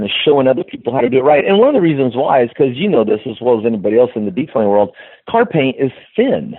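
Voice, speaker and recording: A middle-aged man tells stories in an interview, slipping into the voices of the people he quotes and restarting his sentences often. His voice is mid-pitched and comes through a tinny, phone-like line. The sound is dry, with no room around it. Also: no room sound. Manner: animated storyteller, acts out quoted dialogue, frequent restarts. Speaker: podcast guest, detailing trainer. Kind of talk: storytelling interview chat.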